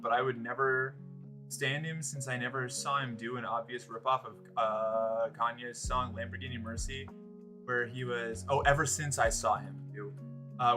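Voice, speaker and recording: A man's voice: mid-range voice, bright, forceful tone. A man streaming live, rambling sarcastically and swearing freely while chatting with his viewers. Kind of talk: casual livestream chat.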